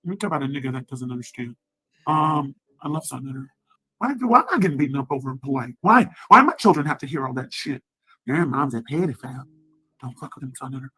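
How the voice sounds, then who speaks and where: A woman's voice: rumbling low, a bit bright, husky, no echo, poor audio. A woman livestreaming a heated, profane rant who also pleads with her mother on the phone.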